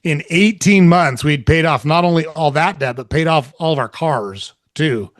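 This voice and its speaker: A man's voice: on the high side, moderate pace, dry recording. Middle-aged guy swearing casually thru a story, dry close sound. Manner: candid, swears freely. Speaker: podcast guest, relationship coach.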